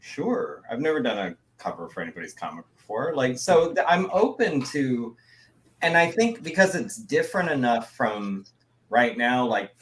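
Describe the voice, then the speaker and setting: A man co-hosting a casual podcast, an artist telling stories with lively quoted voices. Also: on the low side. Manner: animated storytelling with quoted voices. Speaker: podcast co-host, comic artist. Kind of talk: casual chat.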